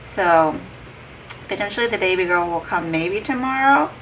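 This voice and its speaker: A young pregnant woman chats to her camera at home, retelling her day with plenty of "like" and quoted back-and-forth. Her lowish voice has a gravelly edge and a bright, forceful tone. She sits back from the mic, and faint noise hums behind her. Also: animated, normal speed, far from the mic, rough recording. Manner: chatty, retelling with lots of "like" and quoted dialogue. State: heavily pregnant. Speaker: vlogger. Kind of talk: casual vlog chat.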